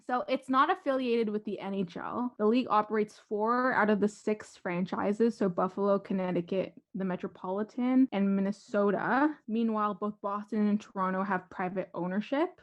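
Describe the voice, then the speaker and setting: Woman co-host, casual sports chat, slightly dull lo-fi sound, mid pitch. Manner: chatty, reads facts carefully and slowly. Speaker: podcast co-host.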